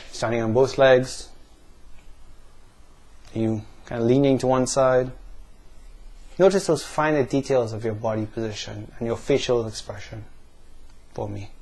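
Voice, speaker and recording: A man leading listeners through a guided pain-visualization exercise, asking slow, calm questions with pauses. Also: medium pitch. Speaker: NLP practitioner.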